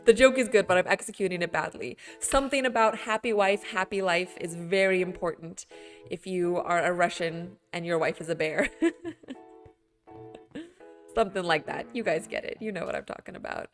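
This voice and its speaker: A woman's voice: on the low side, moderate pace, faint music behind. Giggly woman streamer chatting. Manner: giggly, laughs often; rambling and playful, with fillers. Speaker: game streamer. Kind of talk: casual chat with stream viewers while building.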